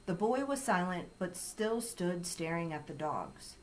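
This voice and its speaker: A woman reading a children's chapter book aloud in calm, steady storytelling. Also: fairly low pitch, unhurried, few pauses, slight background noise, low-quality recording. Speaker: story reader.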